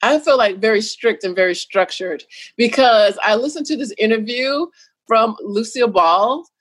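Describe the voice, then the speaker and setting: A middle-aged woman talking casually as an interview guest, animated and quick to act out what others said. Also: a little high. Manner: animated, jumps between quoted voices and laughs.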